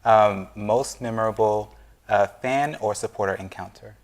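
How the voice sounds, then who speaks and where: A woman interviewer in a casual chat, asking quick fill-in-the-blank questions and reacting with encouragement and laughter. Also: extremely low pitch, darkish tone. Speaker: interviewer, host. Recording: faint background noise.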